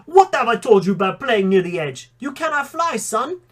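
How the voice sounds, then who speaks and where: A man's voice: extremely high pitch, big pitch swings, moderate pace, pitched above the performer's own voice, exaggerated voice. A man voicing a short-tempered female wind spirit in a storybook reading, with a put-on accent and a scolding, formal manner.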